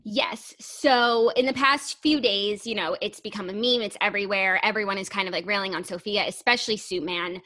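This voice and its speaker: Young woman cohosting a pod, chatty, lots of likes, mid-pitched. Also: fairly even intonation, fairly quick, few pauses, bright, forceful tone. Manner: chatty, heavy use of "like". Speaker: podcast co-host. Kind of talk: casual chat.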